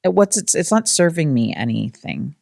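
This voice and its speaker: A woman co-hosting a podcast, talking casually and haltingly with many fillers. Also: deep voice, sing-song, vocal fry, darkish tone, no room sound, studio quality. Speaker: podcast co-host. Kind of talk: casual conversation.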